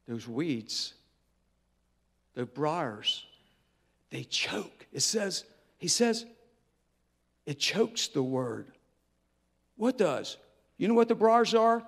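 A man's voice: sits high, long reverb tail. A man preaching a sermon as pastor, folksy and emphatic, repeating key phrases for effect. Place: church.

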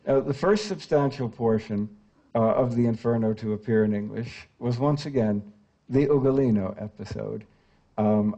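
A man's voice: medium pitch, dark tone, lo-fi sound. An older man giving a scholarly lecture as a translator, with frequent "uh" fillers between phrases. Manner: scholarly, with frequent "uh" fillers, reads quoted verse aloud.

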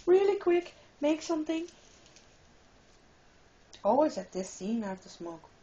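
A woman giving casual, excitable let's-play commentary while she plays, teasing and swearing. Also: a little high, a little slow, long pauses, muffled recording, slight background noise. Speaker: gamer playing and commenting. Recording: game music playing behind.

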